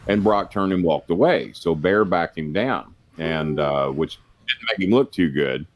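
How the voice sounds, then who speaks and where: A man's voice: low-pitched, animated, a little slow. An older man, a former wrestling manager, telling rambling, profane stories as a podcast guest. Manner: rambling, profane, plain-spoken. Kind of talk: casual storytelling.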